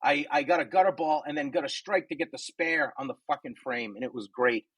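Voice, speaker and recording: A man co-hosting a podcast, telling a story in an excitable, profane, fired-up way. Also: fairly high pitch, a little fast, husky, dry recording. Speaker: podcast co-host. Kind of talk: casual comedic storytelling.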